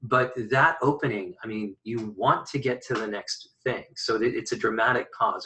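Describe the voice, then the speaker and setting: A man's voice: on the low side, bright, forceful tone, distant mic, a little hiss or hum, low-quality recording. Musing male poetry teacher, full of fillers. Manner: musing, halting, many fillers and restarts. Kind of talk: recorded online lecture.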